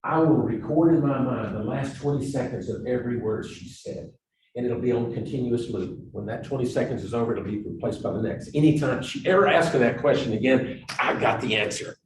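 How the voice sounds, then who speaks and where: A man giving a storytelling presentation on negotiation, swinging between loud emphasis and quiet asides. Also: mid-range voice, brisk, a little hiss or hum. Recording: echoey room, distant mic.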